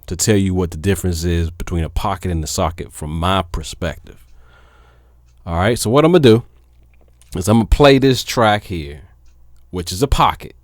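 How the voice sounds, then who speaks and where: Low-voiced casual man DJ, dry sound. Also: no room sound. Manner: laid-back with many fillers, then animated and emphatic. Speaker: DJ and vlogger. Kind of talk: casual talk to camera.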